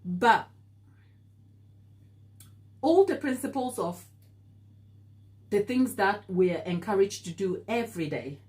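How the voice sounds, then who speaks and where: A woman's voice: medium pitch, expressive, slow pace, pauses often, a little mellow. A woman hosting a live baking stream, talking earnestly and encouragingly as she answers viewer comments, laughing easily. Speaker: baking show host.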